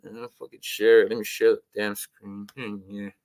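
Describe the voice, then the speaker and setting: A man hosting a casual voice chat stream who rambles, swears heavily and breaks into loud rants. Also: fairly low pitch, little pitch movement, normal speed. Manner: profane, rambling, rants loudly. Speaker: livestream host.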